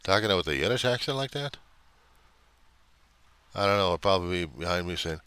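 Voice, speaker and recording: A man's voice: deep voice, lively intonation, a little fast, long pauses, pushed and bright, smooth, dry recording. An older man, a reverend, ranting in a rambling, indignant way and swearing often. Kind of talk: casual rant on camera.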